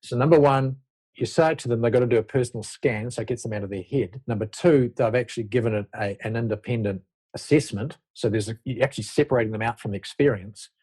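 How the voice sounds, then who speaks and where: A man's voice: mid-range voice, fast, darkish tone, breathy edge. A man speaking as a leadership expert guest in an interview, explaining his ideas in a reflective, loose way and often restarting his sentences. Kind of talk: conversational interview talk.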